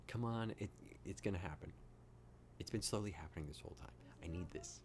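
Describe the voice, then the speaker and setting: A low-voiced man reacts live as he watches, talking in excited, rambling bursts and swearing freely. Faint ambient noise hums behind his voice. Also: normal speed. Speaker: reaction streamer.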